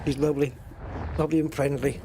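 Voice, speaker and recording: A man's voice: a little high, little pitch movement, fast, background noise. Chatty man streaming a game, light-voiced. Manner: chatty and joking. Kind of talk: casual live-stream chat.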